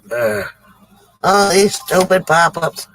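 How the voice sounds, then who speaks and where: A man's voice: sits high, unhurried, fairly bright tone, a little hiss or hum, low-quality recording. Breathless man on oxygen telling jokes. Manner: chatty, addresses viewers as folks. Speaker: livestream joke teller. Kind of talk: casual livestream joke telling.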